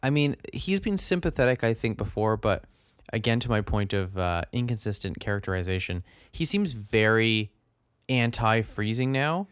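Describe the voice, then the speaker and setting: A man's voice: on the low side, moderate pace, clear, resonant tone, no room sound, clean studio sound. A young man co-hosting a podcast, reviewing a TV show with incredulous jokes. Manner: animated, incredulous joking. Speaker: podcast co-host. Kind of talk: casual chat reviewing a TV show.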